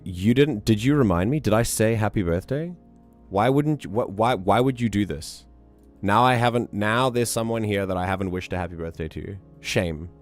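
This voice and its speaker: A man with a deep, low-pitched voice that has gone hoarse, chatting casually on a livestream. He talks in a playful, teasing, rambling way. Soft music plays quietly in the background. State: hoarse, losing his voice. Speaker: livestream host.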